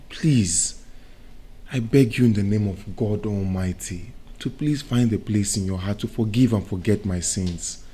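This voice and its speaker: A man's voice: on the low side, mellow, breathy edge. A young actor with a Nigerian accent playing a repentant young man imploring forgiveness. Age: young adult. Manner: pleading, imploring.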